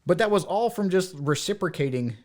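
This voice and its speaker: A man's voice: high voice, fairly quick. A man from the United States in casual podcast chat, telling stories animatedly and acting out the voices of the people in them. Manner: animated storyteller, acts out quoted voices. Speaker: podcast co-host.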